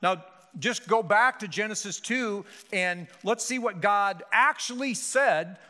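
A man's voice: sits high, unhurried, sharp tone. A male pastor preaching a sermon with emphatic, rhetorical delivery and frequent restarts. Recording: hall reverb.

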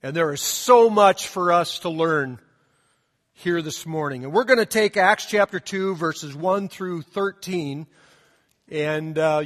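A man's voice: a little high, in a large hall. A man preaching a sermon in a church, telling stories in a conversational way and reading scripture aloud. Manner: conversational storytelling with asides. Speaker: pastor. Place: church sanctuary.

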